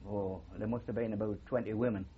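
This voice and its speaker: A man's voice: fairly low pitch, fairly even intonation, fast talker, narrow, tinny audio, a little hiss or hum. An older man with a Geordie accent, a war veteran telling rambling stories with many fillers in an oral history interview. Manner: rambling anecdotal storytelling with frequent fillers.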